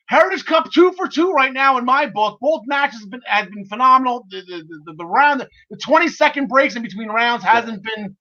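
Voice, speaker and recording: A man's voice: very high voice, lively intonation, normal speed, hardly any pauses, sharp tone, highs cut off. A man hosting a casual wrestling podcast, enthusiastic and laughing often, with lots of fillers and restarts. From half Irish. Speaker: podcast host.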